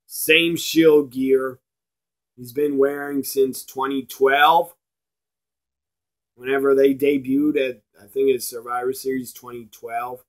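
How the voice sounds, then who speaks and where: A man ranting in a blunt, profane video review, slowing down to stress his points. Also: medium pitch, flat delivery. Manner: emphatic, slows down to stress points.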